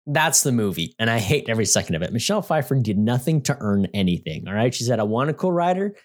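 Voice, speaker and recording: A man co-hosting a podcast, reviewing a film in an animated, sarcastic rant that keeps asking his listener "all right?". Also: lowish voice, fast. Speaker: podcast co-host. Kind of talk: casual movie review rant.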